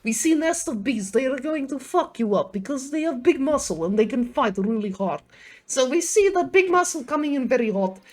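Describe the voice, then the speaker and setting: A woman's voice: high voice, animated, moderate pace, darkish tone. Woman putting on a bragging Serbian gym bro. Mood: boastful. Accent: put-on Serbian, drifting toward Russian. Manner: choppy broken English, tough bragging. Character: boastful young male Serbian gym bro.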